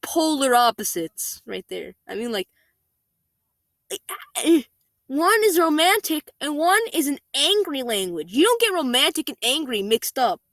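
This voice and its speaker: A woman's voice: sits high, sing-song, a little slow, fairly bright tone, no room sound. Chatty woman reading a story. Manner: chatty, many "like" fillers, exasperated rants. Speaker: story reader. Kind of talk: casual story reading and ranting.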